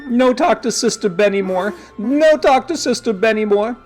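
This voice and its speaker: A man's voice: high-pitched, lively intonation, normal speed, over music, pitched above the performer's own voice. A man voicing a simple-minded young man who talks in a nasal, childlike, broken way through his sobs. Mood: sobbing. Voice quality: nasal, sobbing.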